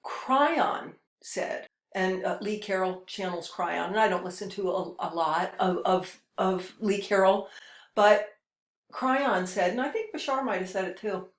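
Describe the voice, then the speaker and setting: A woman's voice: mid-range voice, measured pace. Rambling woman in an echoey room. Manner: rambling, with frequent restarts and hesitations. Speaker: spiritual channel host. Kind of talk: casual spiritual monologue.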